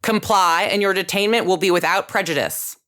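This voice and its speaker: A woman voicing a calm male armed enforcer who speaks in smooth, reassuring officialese. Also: on the low side, a little fast, pitched above the performer's own voice, natural voice.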